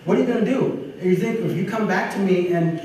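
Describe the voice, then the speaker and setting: A martial arts instructor leads a seminar, talking while he demonstrates moves. His voice sits a bit high and comes from a distance. The big training hall echoes heavily around him. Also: brisk, a little mellow, slight background noise. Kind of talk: teaching a seminar class. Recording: echoey hall recorded from far off.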